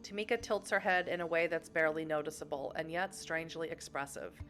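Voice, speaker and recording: A woman's voice: low voice, fairly quick, fairly bright tone, faint music behind. A young woman streaming a narrative game, reading its text aloud and chatting with her viewers between passages.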